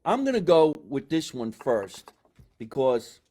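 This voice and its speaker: Hammy New comedy host. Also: male voice, medium pitch, very animated, unhurried. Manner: loud, hammy showman, big swings in volume. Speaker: podcast host. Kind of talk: live comedy show hosting. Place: basement.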